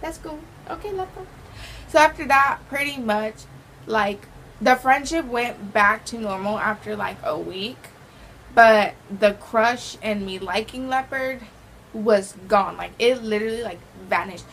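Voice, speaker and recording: Animated teen girl telling a story. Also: on the high side, unhurried, a little hiss or hum, poor audio. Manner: animated, dramatic retelling with quoted voices. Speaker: vlogger. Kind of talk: casual storytime vlog.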